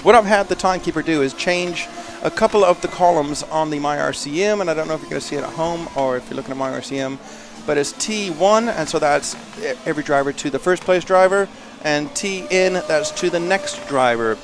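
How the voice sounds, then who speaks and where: A man commenting live on a race in a chatty, self-deprecating way, with excitable bursts. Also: fairly high pitch, a little fast, hardly any pauses. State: a little out of breath.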